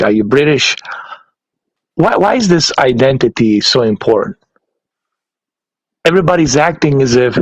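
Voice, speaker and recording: A man's voice: mid-range voice, no echo, poor audio. Blunt, profane man ranting on a podcast. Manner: heavy swearing, blunt and exasperated, laughs often. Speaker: podcast host. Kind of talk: casual podcast rant.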